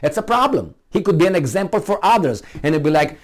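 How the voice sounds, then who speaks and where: A man's voice: fairly high pitch, big pitch swings, fast, hardly any pauses. A man speaking English as a second language, giving a blunt, rambling opinion monologue with frequent restarts and swearing. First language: not English. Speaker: commentator.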